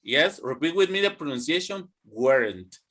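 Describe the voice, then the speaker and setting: A man's voice: a little high, animated, normal speed, fairly bright tone. A young man teaching an English grammar class, drilling students to repeat after him. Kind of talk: online classroom lesson.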